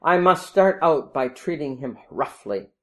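A woman's voice: deep voice, lively intonation, a little slow, a bit bright. A woman reading a storybook and voicing a greedy, harsh old male Brahmin who snarls and insists. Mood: scheming. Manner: gruff, snarling under his breath.

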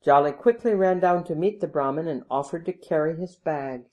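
Woman narrator for a storybook, low-pitched, measured and even delivery. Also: dull audio. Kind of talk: storybook reading.

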